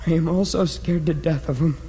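A woman's voice: low-pitched, normal speed, long reverb tail, very noisy. A woman playing a dramatic pet dog who hates cats, in a theatrical, brooding stage-musical style. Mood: melodramatic.

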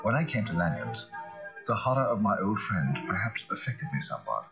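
A man reading a classic novel as scripted narration, in a dramatic, expressive manner. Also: on the low side, fairly quick, creaky, over music. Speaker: audiobook narrator. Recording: dull lo-fi recording.

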